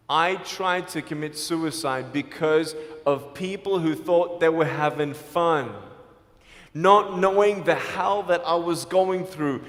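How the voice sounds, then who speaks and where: A man giving an earnest, personal inspirational speech to a live audience, mixing in quick jokes. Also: on the high side. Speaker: motivational speaker. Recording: echoey hall with long reverb.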